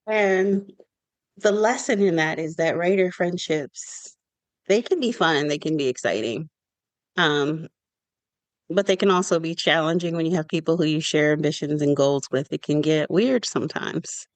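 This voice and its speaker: A writer hosts a casual podcast, speaking in a measured, deliberate way and steering where the conversation goes next. The voice sits close and dry, with no room echo. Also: mid-range voice.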